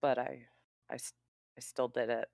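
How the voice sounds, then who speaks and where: A tabletop player voicing Pyre, a guarded female fighter who long fought alone, speaking haltingly with restarts. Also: medium pitch, flat delivery, creaky, a little mellow, no echo, pitched below the performer's own voice, close to an everyday voice. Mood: confessing. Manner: halting, stammering confession. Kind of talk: tabletop role-play.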